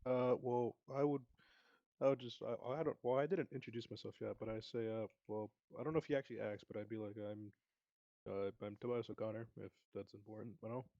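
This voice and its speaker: A man's voice: mid-range voice, fairly even intonation, quick pace, gravelly, mellow, dry recording, highs cut off. A man playing in a tabletop game, speaking casually and swearing freely. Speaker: player. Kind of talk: tabletop role-play chat.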